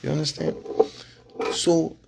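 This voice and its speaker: This man, a political vlogger who once ran for office, has a Liberian English accent and speaks unhurriedly over a noisy background. Addressing his followers in a relaxed, heartfelt way, he chuckles and keeps asking "you understand?"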